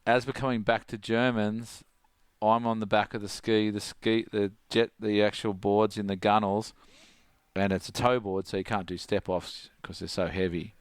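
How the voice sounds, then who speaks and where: A middle-aged Australian man, a surf coach, telling a story in casual chat, animated and laughing, full of "like". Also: fairly low pitch, normal speed, clear, resonant tone, no echo. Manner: animated, laughing, heavy use of "like".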